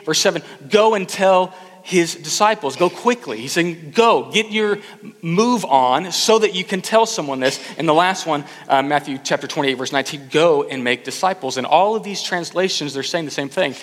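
A man preaching a sermon as pastor, emphatic and repetitive, swinging between loud urging and hushed intensity. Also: fairly high pitch. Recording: long reverb of a large hall.

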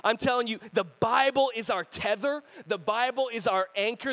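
A man in his thirties preaching a sermon as pastor, animated and joking, sometimes acting out other people's voices. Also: extremely high pitch, normal speed, hardly any pauses, poor audio. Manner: animated, jokey, acts out voices and screams.

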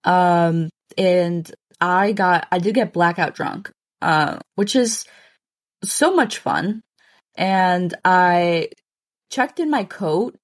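A woman's voice: fairly low pitch, dry recording. A woman co-hosting a podcast, telling a rambling story with dry, self-mocking humor in a casual chat. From Chicago. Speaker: podcast co-host.

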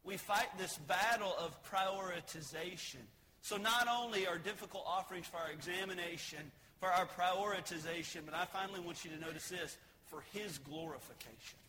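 A man's voice: high-pitched, moderate pace, hardly any pauses, background noise. A man preaching a sermon in a folksy way, joking and asking the congregation questions. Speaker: pastor.

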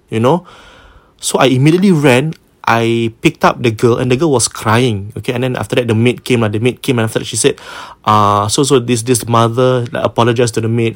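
A man with a Singaporean English accent tells a listener's ghost story in loose, casual talk, slipping Malay words in and acting out what people said. His voice sits at a middle pitch. The recording is dry and close, with no room sound. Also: moderate pace, dry recording. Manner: casual, mixes in Malay words, acts out quotes.

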